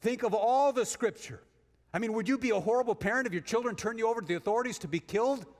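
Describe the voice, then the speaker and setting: Guest preacher, male, high-pitched, swings from forceful points to soft storytelling in a reverberant sanctuary. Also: fast talker. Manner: swings from emphatic rises to hushed storytelling. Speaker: guest speaker. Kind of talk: sermon. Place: church sanctuary. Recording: long reverb of a large hall.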